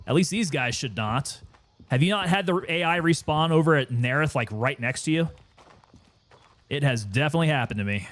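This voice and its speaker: A man casually commenting while he plays a game and chats with viewers, relaxed and sometimes winded. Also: on the high side, a little fast. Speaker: gaming streamer.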